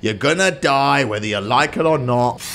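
A man's voice: mid-range voice, expressive, moderate pace, gravelly, fairly bright tone, a little hiss or hum. A man hosting a let's play, talking nervously to his viewers and stammering when spooked. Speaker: gaming video host.

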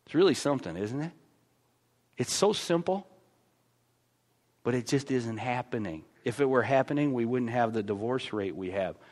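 A man's voice: mid-range voice, expressive, moderate pace, pauses often, darkish tone. A man pastor with an American accent, preaching a conversational sermon in a church with frequent stammered restarts.

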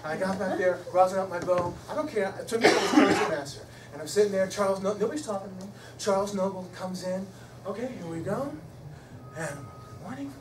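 A man's voice: high voice, brisk. Man, middle-aged, storytelling lecture, recorded from a distance, roomy hall, background noise. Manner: animated, shifts between loud excitement and hushed emotion. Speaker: guest speaker and musician. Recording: echoey hall from far off, noisy.

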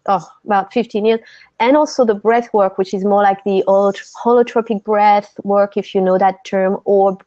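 A woman with a French accent who stops and restarts as she finds her words, explaining breathwork in an interview. Her voice sits at an everyday pitch. It comes over a slightly muffled video call with a dry sound. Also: dark tone, dry recording. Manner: earnest, gropes for words with many restarts. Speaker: guest, breathwork teacher. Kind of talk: interview conversation.

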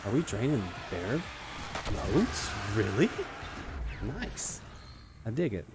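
A man giving live commentary while playing an online shooter, excitable and joking, trash-talking his opponents. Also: on the low side, slow pace. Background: faint background music.

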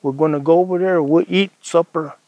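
A man voicing a hungry male ghost who coaxes a child away, speaking low and drawn out in a told folk tale. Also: steady tone, fairly quick, no echo, dull audio, lightly acted. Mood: coaxing.

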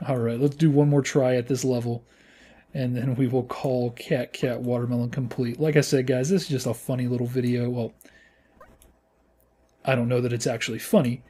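A man hosting a gaming channel, giving playful, casual commentary as he plays and squealing high when things go wrong. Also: flat delivery, moderate pace, mellow, breathy edge. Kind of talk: casual let's-play commentary.

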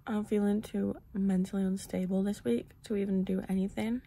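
A woman's voice: mid-range voice, flat delivery, moderate pace, creaky, warm tone, slight background noise. A young woman vlogging in a casual rant, rambling and exasperated, often dropping to a whisper. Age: young adult. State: out of breath; tired.

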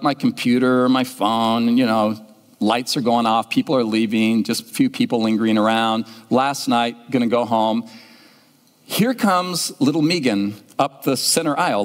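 A man preaching a sermon as pastor, telling a story in an animated way and acting out the people in it. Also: on the high side. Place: church sanctuary. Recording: long church-hall reverb.

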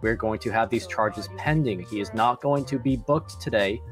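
A man's voice: mid-range voice, moderate pace, soft background music. A man in a police roleplay, formally explaining a case step by step. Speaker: roleplay player as police officer.

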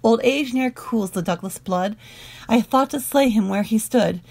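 A woman reading narrative poetry aloud in a measured, rhythmic way. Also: on the high side, vocal fry, a little mellow. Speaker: audiobook reader.

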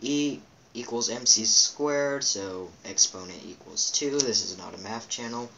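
A man's voice: lowish voice, unhurried, creaky, noisy background. A man hosting a let's play, reading game captions aloud with goofy asides and playful quack and meow noises. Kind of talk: casual game commentary.

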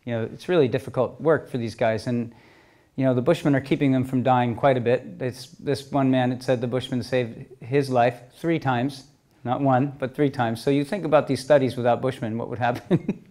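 A middle-aged man telling a story at a talk, lively, moving between loud and soft passages. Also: mid-range voice, normal speed. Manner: lively storyteller, swings loud and soft, acts out quoted voices. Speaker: speaker telling stories at a talk.

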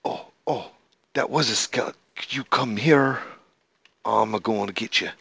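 A man casually commenting on his own gameplay, excitable and talking to the animals and monsters he meets. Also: lowish voice, normal speed, creaky, husky, dry recording. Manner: excitable, talks to the animals and mobs in the game. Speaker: gamer. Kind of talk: casual let's-play commentary. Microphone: desk microphone.

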